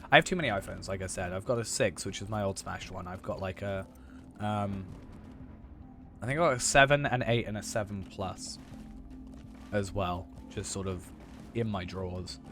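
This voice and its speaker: A young man with a fairly low voice chats loosely while he plays, circling back and correcting himself with plenty of fillers. His voice sounds a little hoarse. Faint music plays behind him. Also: moderate pace, pauses often, a bit bright. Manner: rambling, filler-heavy, self-correcting. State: hoarse after losing his voice. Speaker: streamer. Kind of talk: casual chat while gaming.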